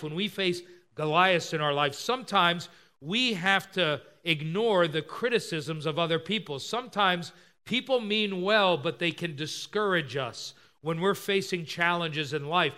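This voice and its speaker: Guy preaching a sermon, high bright voice, walks thru scripture and acts out the lines. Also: clear, resonant tone.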